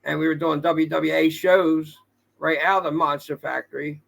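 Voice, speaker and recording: Man, guest wrestling trainer, gravelly voice, slightly high, plain measured talk. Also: fairly even intonation, a bit bright. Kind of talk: casual chat.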